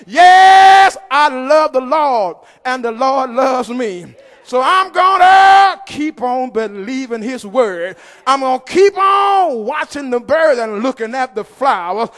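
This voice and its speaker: A man, preaching in a church. He delivers his sermon slowly and with great force, shouting and half-singing as he calls out to the congregation. His voice rings with the long reverb of a large hall. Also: extremely high pitch, lively intonation.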